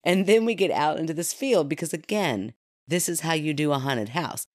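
A woman from Kentucky tells a long story in a relaxed podcast chat. Her voice sits fairly low, and she laughs her way through it. It is recorded close and dry, with no room sound. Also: normal speed, dry recording.

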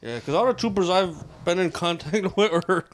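A man's voice: sits high, normal speed. A man in casual chat who throws in crude remarks and laughs.

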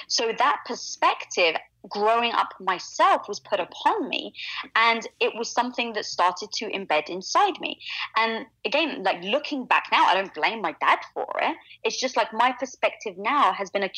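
A woman's voice: mid-range voice, sharp tone, breathy edge, dry recording, low-quality recording. A woman from England with a British accent, talking eloquently and upbeat as a guest on a video call interview.

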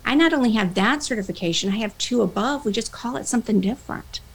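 A woman workplace trainer giving a motivational talk, animated, acting out both sides of the conversations she tells. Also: on the high side, fast, vocal fry, rough recording. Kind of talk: motivational talk with acted-out dialogue.

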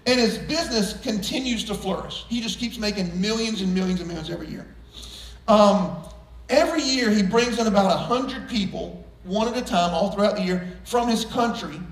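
High-voiced pastor preaching in an echoey church. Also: male voice, moderate pace. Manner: emphatic, folksy preaching with jokes and stories. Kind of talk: sermon. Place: church sanctuary with congregation. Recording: roomy church echo, voice from far off.

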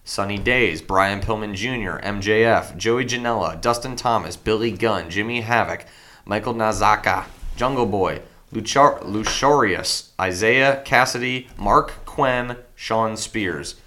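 A man's voice: fairly low pitch, sharp tone. A man casually reading out a match list to friends, hesitant and unsure of the names. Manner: reads names haltingly, unsure, laid-back. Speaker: podcast co-host reading out the card. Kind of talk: casual chat among friends.

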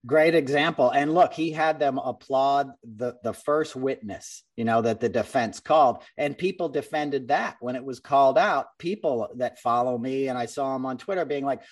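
A man hosting a podcast, talking bluntly and with energy and slipping into quick mimicry of the people he describes. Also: medium pitch, far from the mic. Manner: blunt, animated, mimics people he talks about. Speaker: podcast host. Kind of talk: casual political chat and storytelling.

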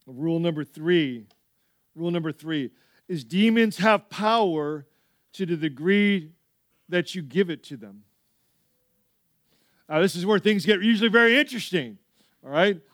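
A male pastor preaching a sermon, telling stories with lively asides to the church. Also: sits high, a little slow, long pauses, no room sound, clean studio sound. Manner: animated storytelling with frequent asides.

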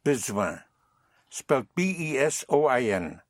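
A man's voice: mid-range voice, very animated, measured pace, no echo, clean studio sound. A man teaching a language lesson, patiently prompting and repeating phrases.

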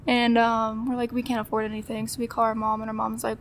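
Talking fast with hardly any pauses, a woman in her twenties delivers her story in a completely flat, highish voice, with a little hiss or hum in the recording. She's a chatty podcast guest telling a casual story, acting out what others said and laughing a lot.

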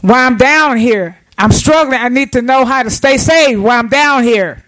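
A woman's voice: a little high, normal speed, fairly bright tone, a little hiss or hum, poor audio. A woman preaches to her congregation in a church. Her delivery is plain-spoken and homey, and she keeps drawing call-and-response from the pews. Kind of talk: sermon.

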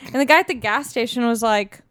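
A woman's voice: a little high, a little fast, fairly bright tone, clear, resonant tone, no echo, clean studio sound. A woman in her twenties hosting a podcast, rambling in a casual, self-mocking, jokey way. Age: 20s. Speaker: podcast host.

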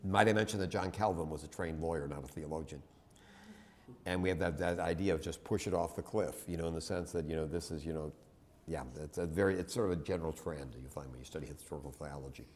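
A man's voice: extremely low pitch, fast talker, a little mellow. A man giving a classroom lecture in a conversational, digressive way, with frequent restarts and asides. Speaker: teacher.

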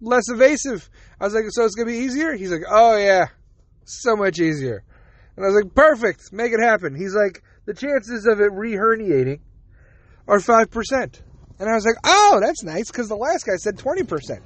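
A man's voice: sits high, big pitch swings, brisk, a bit bright, dry recording. Profane, rambling man on a podcast. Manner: profane, rambling, retelling conversations. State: yawning, tired. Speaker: podcast host. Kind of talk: casual solo podcast monologue.

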